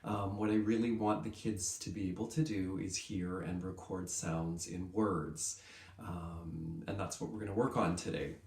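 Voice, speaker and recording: A male kindergarten teacher giving a lesson to young children in an upbeat way, stretching words out slowly so they can follow. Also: low voice, fairly even intonation, darkish tone, reverberant.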